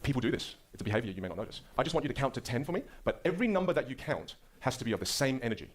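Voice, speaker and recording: Australian male speaking coach: fast, energized, swooping pitch, over-articulates everything. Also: big pitch swings.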